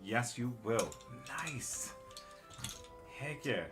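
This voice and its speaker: A man's voice: mid-range voice, lively intonation, very slow, music in the background. A middle-aged man doing a casual live-stream tarot reading, reading out chat and muttering curses under his breath. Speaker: tarot reader and witchcraft teacher.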